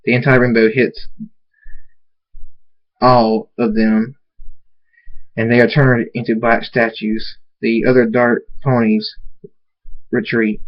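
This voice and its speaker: A man's voice: mid-range voice, level tone, slow, pauses often. A man reading a fan story aloud in a plain voice, sometimes stumbling and restarting words. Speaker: reader. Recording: dull lo-fi recording.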